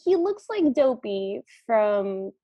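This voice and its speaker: A woman co-hosting a podcast, retelling a cartoon in vivid, deadpan detail. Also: a little high, slow pace, no room sound, muffled recording. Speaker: podcast co-host. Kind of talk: casual recap chat.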